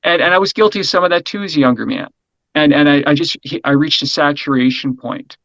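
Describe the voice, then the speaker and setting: Speaking fast and full of energy, this middle-aged interview guest rambles through a casual conversation, repeats himself and keeps tossing in "right?". His pitch sits somewhat high for a man. The recording sounds dry and a bit muffled, as though its brightness has faded, and there's no echo.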